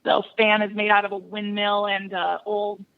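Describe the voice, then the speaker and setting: A woman from Wisconsin tells stories as a podcast guest, laughing easily between anecdotes. Her voice has a gravelly, fry-tinged edge at a medium pitch. The recording sounds muffled and lo-fi. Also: moderate pace. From Buffalo County, Wisconsin. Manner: laughs often, lively storyteller. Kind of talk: casual interview storytelling.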